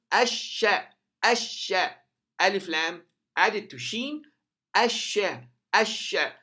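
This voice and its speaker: Bright-voiced male teacher, patient and repetitive. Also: high voice. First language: Arabic. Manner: patient, repeats each sound several times as a model. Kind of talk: recorded language lesson.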